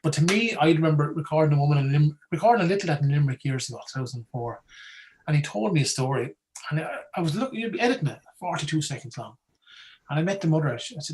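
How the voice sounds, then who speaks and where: A man with a Wexford Irish accent, talking casually as a guest speaker about folklore in an animated, chatty way, often asking "right?". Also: fairly high pitch, quick pace, slight background noise, rough recording. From Ireland. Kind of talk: casual talk.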